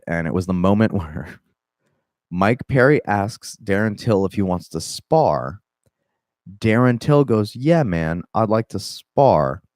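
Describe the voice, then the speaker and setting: Low-voiced, rambling Southern man. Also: dry recording, clean studio sound. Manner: loose, profane, rambling with restarts. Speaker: MMA podcast host. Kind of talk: casual commentary.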